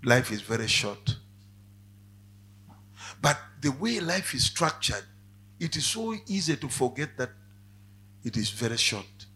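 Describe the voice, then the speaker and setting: A male preacher giving a sermon, dropping to quiet asides and then rising to loud, emphatic cries. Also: medium pitch, sing-song, measured pace, pauses often, breathy edge.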